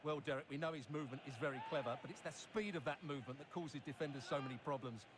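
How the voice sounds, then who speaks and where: A man working as a football co-commentator, explaining tactics in a measured, analytical way. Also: on the high side. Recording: clear game noise behind.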